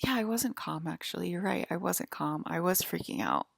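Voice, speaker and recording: Low, gravelly woman ranting. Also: moderate pace, no echo, studio quality. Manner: rambling, agitated and profane, many fillers and restarts. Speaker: vlogger. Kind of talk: rambling monologue to viewers.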